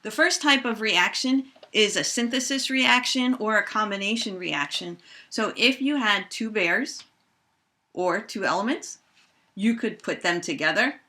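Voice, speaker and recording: A middle-aged woman teaching a high school chemistry lesson, playfully acting out reactions with toy bears. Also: unhurried. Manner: animated, acts out toy bears in squeaky voices. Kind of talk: playful classroom lesson with toys.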